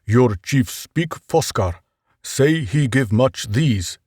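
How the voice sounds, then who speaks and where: A male reader doing a tribesman in an audiobook who speaks in short, broken phrases. The delivery is slow and deliberate, with a mid-range male voice. It sits a little further from the mic than the narration. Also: medium pitch, lively intonation, darkish tone, dry recording, clean studio sound. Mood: insistent. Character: young male tribesman speaking broken words, wary then friendly.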